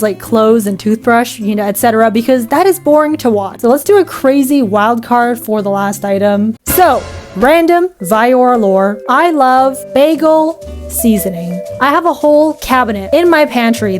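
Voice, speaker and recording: A woman's voice: a little high, a little mellow. A young woman chatting casually to camera as a vlogger, playful and self-mocking.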